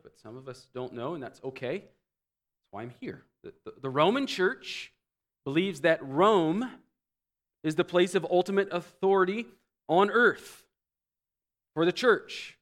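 A man preaching a teaching sermon, explaining doctrine and swinging between loud emphatic phrases and quiet low asides. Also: animated, unhurried, pauses often. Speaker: pastor.

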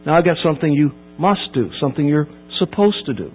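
A man preaching a sermon verse by verse, emphatic and building to loud peaks before dropping low. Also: lively intonation, fairly quick. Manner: emphatic, rising to near-shouting at key points. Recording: tinny phone-like line with mains hum.

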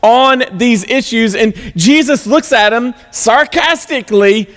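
A man preaching a conversational sermon as pastor, animated and a little sarcastic, asking the congregation questions. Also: very high-pitched, unhurried, few pauses. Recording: long hall reverb.

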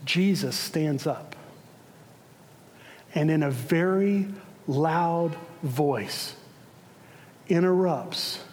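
A male pastor preaching a sermon, retelling a scene dramatically, swelling to passionate cries and sinking to a hush. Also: on the high side, long reverb tail. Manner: building to impassioned shouts then dropping hushed.

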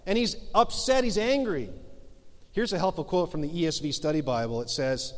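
A middle-aged male pastor preaching a sermon in a church, earnest and emphatic, slowing down to stress key phrases. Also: a little high. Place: church sanctuary. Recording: long hall reverb in church.

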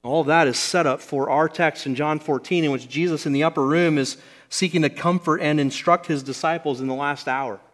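A man preaching a sermon to a congregation, earnest and emphatic, slowing down to stress key phrases. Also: fairly high pitch, fairly even intonation, a bit bright. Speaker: pastor. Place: church service before a congregation.

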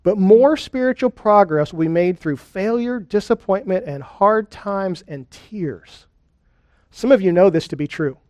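A male pastor giving a sermon, earnest and conversational, slowing down for lists and key points. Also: sits high, expressive, darkish tone, no echo. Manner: earnest, conversational preaching with deliberate pauses and lists. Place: church.

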